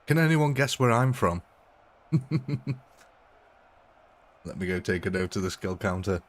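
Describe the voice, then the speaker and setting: Chatty gaming streamer. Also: male voice, deep voice, animated, a little slow. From English Midlands. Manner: chatty, laughs often. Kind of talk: live gameplay commentary.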